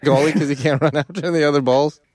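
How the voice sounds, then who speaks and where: A man co-hosting a comedy podcast, jokey and animated, reading segment intros. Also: fairly high pitch, fast talker, no echo, soft background music. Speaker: podcast co-host.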